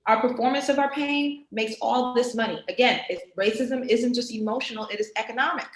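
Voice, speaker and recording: A woman with a New York accent, talking as a guest on a video-call interview in an animated, emphatic way. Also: a little high, brisk, hardly any pauses. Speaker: guest artist. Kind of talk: casual interview chat. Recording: roomy echo on a video call.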